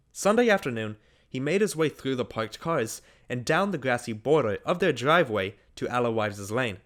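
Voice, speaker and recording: A man's voice: mid-range voice, fairly bright tone. Man narrating a literary short story. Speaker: audiobook narrator.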